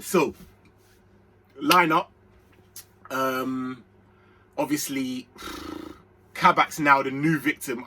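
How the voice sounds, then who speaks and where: A young man chats through a football match reaction. His voice is bright with a husky edge, and his talk is excitable and full of slang. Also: mid-range voice. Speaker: football channel host. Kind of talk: casual fan match reaction.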